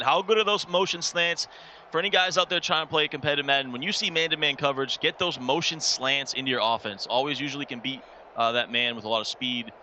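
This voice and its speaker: A man's voice: medium pitch, bright, forceful tone, dull audio, a little hiss or hum. A man giving color commentary on a football video game, breaking down plays and coaching viewers. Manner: explanatory, coaching asides to viewers.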